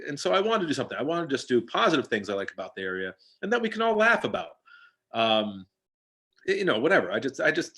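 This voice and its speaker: Rambling man. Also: medium pitch. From Scranton, Pennsylvania. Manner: rambling, animated, many restarts. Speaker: guest. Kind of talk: casual interview chat. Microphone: video call.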